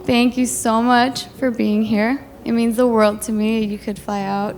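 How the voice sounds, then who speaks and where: A woman's voice: on the high side, flat delivery, unhurried, darkish tone, soft background music. A woman giving her wedding toast as the bride, emotional and fighting back tears, laughing between lines. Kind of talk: heartfelt wedding speech.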